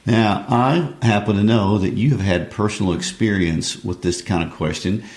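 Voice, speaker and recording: A man co-hosting a literature podcast, asking measured, prompting questions. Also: on the low side, a little mellow. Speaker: podcast co-host. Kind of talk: casual literature discussion. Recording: echoey room.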